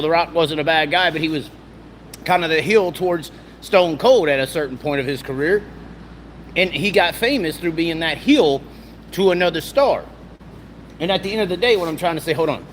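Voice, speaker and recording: Rambling Southern man with a higher voice. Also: a bit bright, a little hiss or hum. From American South. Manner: rambling, repeats words, folksy slang. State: just woken up, clearing throat. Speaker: racing commentary vlogger. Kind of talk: casual opinion commentary.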